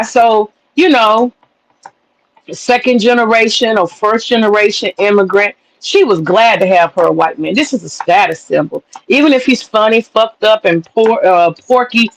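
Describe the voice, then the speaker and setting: A woman's voice: medium pitch, moderate pace, no echo, low-quality recording. Streamer, female, blunt and foul-mouthed, dry close sound. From Southern US. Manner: blunt, profane, wisecracking. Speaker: livestream host. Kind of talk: casual commentary rant.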